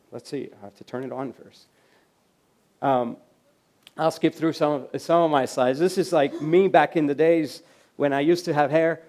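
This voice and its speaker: A man giving a conference keynote in a lecture hall, telling stories conversationally and dropping to a quiet voice for quoted lines. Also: a little high. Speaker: keynote speaker.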